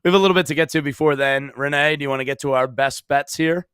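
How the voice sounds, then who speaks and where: A man's voice: on the high side, steady tone, fast talker, fairly bright tone, smooth, no room sound, studio quality. A man co-hosting a casual sports show, goofy and playful, hyping things up.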